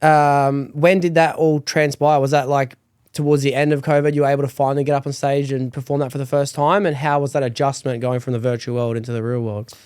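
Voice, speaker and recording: A man hosting a podcast who asks questions in a quick, loose, casual way and agrees readily with his guest. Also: mid-range voice, flat delivery, a little mellow, clean tone, no echo, studio quality. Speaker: podcast host.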